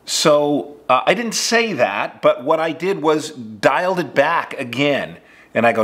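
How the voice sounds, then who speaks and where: A man who is an acting coach, telling an audition story in a relaxed, conversational way with plenty of fillers. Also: a little high, unhurried. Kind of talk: casual instructional storytelling.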